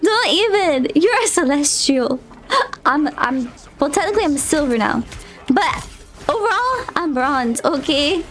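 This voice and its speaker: A woman's voice: high-pitched, faint music behind. A young woman streaming a game live, shrieking, laughing and pleading as she plays. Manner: excitable, shrieking and laughing under pressure; swears and pleads rapidly. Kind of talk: live gaming stream commentary.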